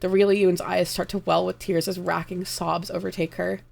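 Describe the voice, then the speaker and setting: A woman streamer reading a dark fantasy story aloud live, narrating in an expressive, dramatic way. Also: lowish voice, normal speed, vocal fry.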